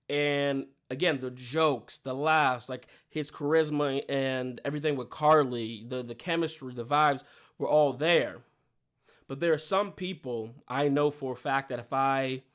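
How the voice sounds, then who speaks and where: A young man talks loosely to his listeners as the host of his own show, rambling through stories with plenty of fillers. His voice is clean and smooth, set at an ordinary middle pitch. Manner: chatty, storytelling with laughs and fillers. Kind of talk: casual solo talk.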